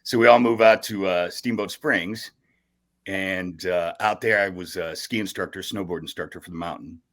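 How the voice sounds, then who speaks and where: A middle-aged man, a radio host, telling stories in a casual podcast chat, animated and laughing often as he acts out other people's lines. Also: sits low, moderate pace. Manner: animated storyteller, bursts of laughter, acts out quoted voices.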